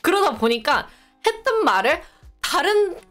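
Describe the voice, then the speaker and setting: A woman's voice: very high voice, big pitch swings, rapid-fire, fairly bright tone, soft background music. A young woman chatting casually on a live stream, rambling and poking fun at herself. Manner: chatty, rambling, self-mocking.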